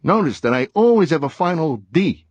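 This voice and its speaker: A man's voice: a little high, sing-song, fairly quick, dry recording, muffled recording. A man voicing a chatty cartoon word character who is weary of life's duties and talks in a confiding, sighing way in an educational cartoon.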